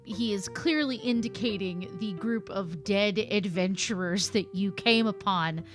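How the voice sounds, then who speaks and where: A woman narrating as game master in a lively, playful way. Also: mid-range voice, measured pace, faint music behind.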